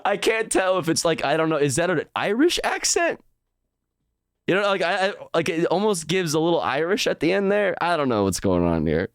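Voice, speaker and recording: Lively, excitable man streamer. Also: a little high, fairly quick, smooth, no room sound, studio quality. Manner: swears freely, laughs often, loose and excitable. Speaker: streamer reacting to clips. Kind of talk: casual chat.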